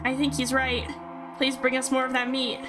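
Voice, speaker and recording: A woman's voice: sits high, completely flat delivery, normal speed, close to an everyday voice. A woman reading out the lines of a grim, stern man in a horror visual novel. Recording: game music behind.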